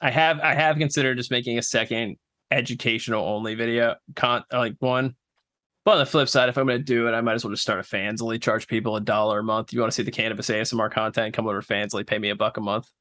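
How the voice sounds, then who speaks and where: A man guesting on a podcast, talking in a relaxed, explanatory way with plenty of fillers. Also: mid-range voice, quick pace, no echo, studio quality. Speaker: podcast guest, ASMR creator. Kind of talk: casual podcast chat.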